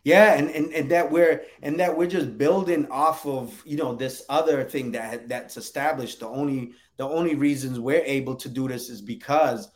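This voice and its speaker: A man's voice: medium pitch, moderate pace, hardly any pauses. A man talking casually and emphatically about his graphic novel, with lots of slang and fillers. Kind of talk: casual interview chat.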